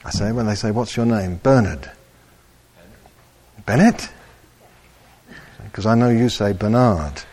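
A man preaching a sermon, slow and animated, rising to loud emphatic peaks. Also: on the low side.

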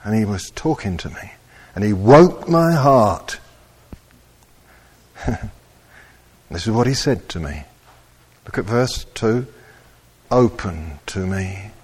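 A man preaching a sermon, slow and animated, rising to loud emphatic peaks. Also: fairly low pitch, slightly rough.

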